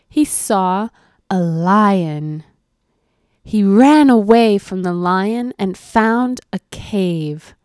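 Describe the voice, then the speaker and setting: A woman's voice: mid-range voice, darkish tone, no echo, clean studio sound. A woman narrating a short animal fable in a plain, scripted reading. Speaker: storyteller.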